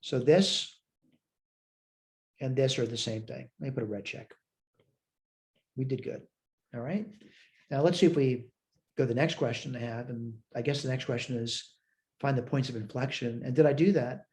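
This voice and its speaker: A man's voice: medium pitch, normal speed, pauses often, darkish tone. A man teaching a recorded math lecture, talking through worked steps aloud and checking his own work as he goes. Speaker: math instructor.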